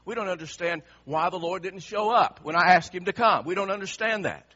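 A man's voice: high voice, lively intonation, fairly quick, pushed and bright, lo-fi sound. A male pastor preaching a sermon with emphasis, asking the congregation the same question again and again.

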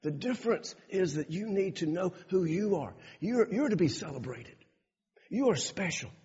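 A man's voice: sits high, expressive, moderate pace, darkish tone, husky. A man preaching a sermon with emphatic, repetitive delivery. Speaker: pastor. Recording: dull, echoey hall recording.

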